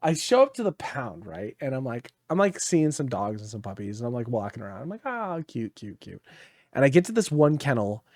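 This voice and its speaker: A man's voice: medium pitch, sing-song, fast talker, hardly any pauses, darkish tone, no room sound, studio quality. A tired man co-hosting a podcast in casual chat, rambling and swearing freely. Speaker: podcast co-host.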